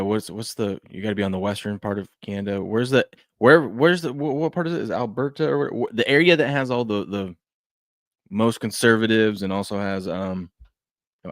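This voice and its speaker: Reacting to game clips and viewer chat, a fairly low-voiced man hosts a casual sports show. He rambles, says things twice, and restarts constantly with fillers, and the recording has no echo.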